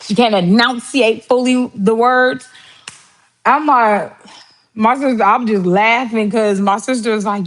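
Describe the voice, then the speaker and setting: A woman's voice: a little high, a little slow. Chatty woman telling family stories. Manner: chatty storytelling, laughs often, mimics relatives. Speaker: livestream host. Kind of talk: casual livestream chat while cooking.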